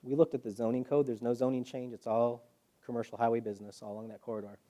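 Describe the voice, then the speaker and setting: A man's voice: medium pitch, fast. A man presenting to a live audience in a hall, telling stories with rhetorical questions and acted-out quotes. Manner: animated storyteller, acts out quotes, rhetorical questions. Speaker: guest presenter. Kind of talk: public talk to a live audience.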